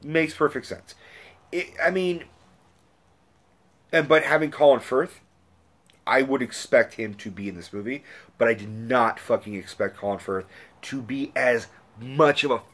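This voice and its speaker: A man ranting casually about movies, excitable and profane, rambling with frequent restarts and fillers. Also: medium pitch, a little slow, long pauses. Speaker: movie reviewer. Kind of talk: casual rant.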